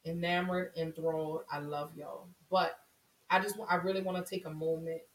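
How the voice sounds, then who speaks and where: A woman's voice: fairly low pitch, steady tone, moderate pace. An impassioned woman talks straight to her viewers, repeating lines for emphasis as her feeling builds. Her voice sits back from the mic in a roomy, echoing space. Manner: impassioned, repetitive, voice rising with emotion. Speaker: vlogger. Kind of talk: emotional monologue to camera. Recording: roomy echo, voice from a distance.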